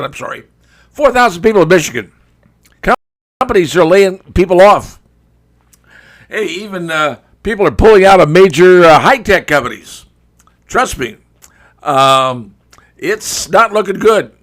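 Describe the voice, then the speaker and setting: A man's voice: high-pitched, fairly bright tone. A male talk show host giving a folksy, conversational opinion monologue, speaking straight to his viewers.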